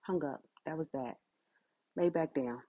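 Slow, low-voiced woman telling a story. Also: phone-quality sound. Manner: conversational, many fillers like "like" and "you know". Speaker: podcast host. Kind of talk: personal storytelling.

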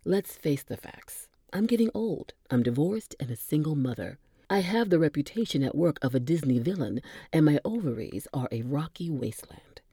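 A woman's voice: low-pitched, sing-song, moderate pace, dark tone, slightly rough, no room sound, full character voice. A woman voicing a dry, teasing, theatrical woman in her forties in a storybook reading. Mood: wry. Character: sardonic woman in her forties in a hospital bed, imperious.

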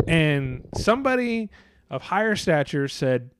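A man chatting on a podcast in a rambling, sarcastic way, cursing freely and slipping into mocking voices of other people. His voice sits a little higher than most men's, and the recording is dry and close with no room sound. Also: sing-song, unhurried, smooth, dry recording. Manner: rambling, sarcastic, swears a lot, mimics others. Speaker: podcast co-host. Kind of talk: casual profane chat.

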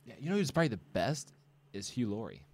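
Male co-host: fast, lively, casual chatty asides. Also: mid-range voice, no room sound. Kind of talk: casual banter on a live-stream.

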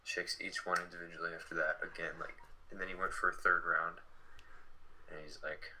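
Young man, late teens, low voice, very bright tone, casual storytelling, filler-heavy chat, faint background hiss. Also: fairly quick, poor audio. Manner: chatty, many fillers, lively retelling.

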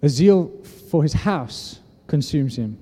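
A man in his thirties preaching a sermon, telling a story and acting out the dialogue with lively energy. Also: on the high side, slow, slightly rough. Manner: animated storytelling, acts out dialogue. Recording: echoey hall reverb.

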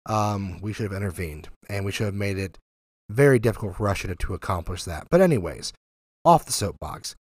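Podcast host, male, low voice, dry close sound; sarcastic ranter who gets heated. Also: animated, brisk, dry recording. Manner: sarcastic, heated, swearing, lots of fillers. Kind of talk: ranting political commentary.

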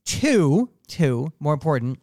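A man co-hosting a casual podcast about cars, talking in quick emphatic bursts with opinions and frequent restarts. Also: fairly high pitch, sing-song, a little mellow, dry recording, studio quality. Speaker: podcast co-host. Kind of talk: casual car talk chat.

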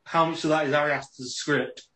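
A man's voice: a little high, steady tone, a little fast, sharp tone, a little hiss or hum. A man musing about a film scene in casual chat, stumbling over his words. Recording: echoey room.

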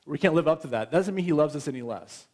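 A man's voice: on the high side, lively intonation, fast, a little mellow. A man in his thirties preaching a sermon in a conversational way, often checking in with his listeners. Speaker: pastor.

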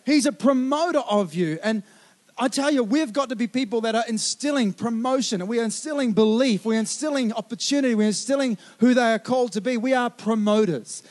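A man with a very high voice preaches a fervent sermon. He urges his listeners on with repeated calls of "come on". He swings between loud, urgent bursts and quiet, slowed lines.

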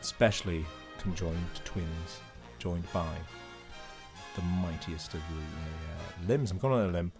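A deep-voiced man giggles and throws puns on a comedy podcast. His voice rests very low throughout. Music is clearly audible behind the chat. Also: slow. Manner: giggly, punning.

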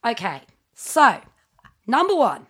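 A high, loud mock Australian voice bounces through a list in a sing-song way, as a woman hams it up on a podcast. It is pitched up and pushed louder than a plain speaking voice, with a playful, exaggerated lilt. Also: wildly swooping pitch, takes it slowly, slightly rough, full character voice. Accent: Australian put-on. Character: put-on Australian voice, reading out a list. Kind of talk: podcast banter, mock accent.

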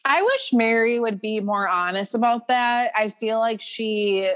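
A woman's voice: fairly high pitch, expressive, measured pace, fairly bright tone. A woman co-hosting a podcast in casual chat, reacting eagerly and laughing often. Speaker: podcast co-host.

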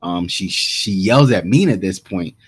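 Guy on a podcast, lowish voice, rambling through the episode, keeps restarting. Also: expressive, moderate pace, husky. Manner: rambling recap with quoted lines and many restarts. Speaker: podcast co-host. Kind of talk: casual episode recap.

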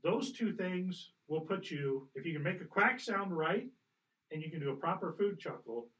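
A man working as a hunting guide, coaching someone in a relaxed way, patiently correcting him and demonstrating sounds. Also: fairly high pitch, moderate pace, far from the mic, rough recording. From Colorado. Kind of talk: casual coaching.

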